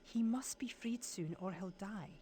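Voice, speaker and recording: A woman's voice: medium pitch, measured pace, warm tone, slightly rough. An actress playing a kindly, motherly woman scientist with a broad Scottish accent in a video game. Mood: grateful.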